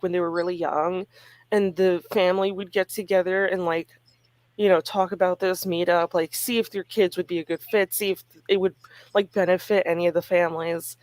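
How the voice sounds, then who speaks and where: A woman's voice: lowish voice, no room sound. Chatty woman, dry close sound. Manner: relaxed, chatty, laughs easily. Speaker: webcomic co-creator streaming. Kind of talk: casual chat.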